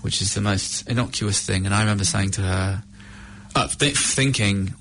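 A middle-aged man from the UK speaks in a fairly low voice, telling his own story of recovery. He is candid and reflective, often pausing and restarting his sentences. A faint ambient noise sits under the recording. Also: a bit bright. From United Kingdom. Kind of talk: personal testimony.

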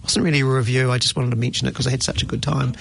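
A middle-aged man hosting a casual radio show, chatty and animated, often exclaiming. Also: mid-range voice, rapid-fire, gravelly, husky. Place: radio studio.

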